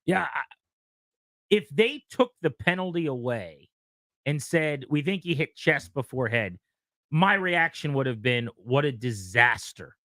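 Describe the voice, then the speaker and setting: A man's voice: mid-range voice, expressive, a little slow, sharp tone, dry recording, studio quality. A man co-hosting sports talk radio, talking in an exasperated, sarcastic way.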